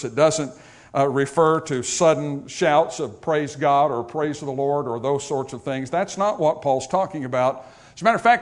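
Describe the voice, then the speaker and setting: Man preaching a funeral sermon. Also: a little high. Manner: conversational, storytelling preacher. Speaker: pastor.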